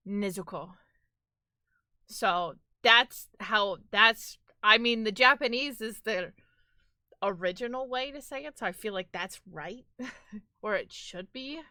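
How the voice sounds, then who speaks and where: A woman's voice: mid-range voice, pushed and bright, clean tone, no echo, studio quality. A woman with a New York accent chatting casually on a live stream, rambling and filling her talk with "like".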